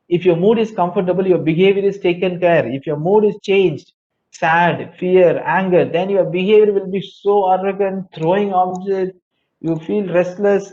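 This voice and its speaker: A man's voice: high-pitched, dull audio. A man giving an interactive webinar lecture, reading out chat answers and repeating his key phrases. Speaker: webinar trainer.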